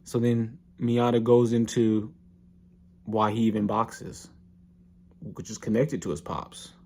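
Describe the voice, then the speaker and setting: A man casually recapping an anime episode, telling it with animated slang. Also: on the low side, takes it slowly, a little hiss or hum.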